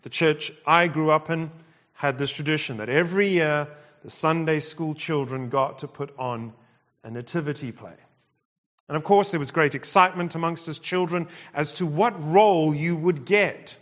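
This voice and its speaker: A man preaching a sermon, emphatic and measured, repeating phrases and pausing between them. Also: on the high side, a bit bright. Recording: dull sound with long hall reverb.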